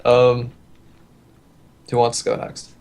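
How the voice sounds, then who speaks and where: A man introducing himself as game master in a casual voice chat, relaxed and teasing. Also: mid-range voice, slow, clear, resonant tone.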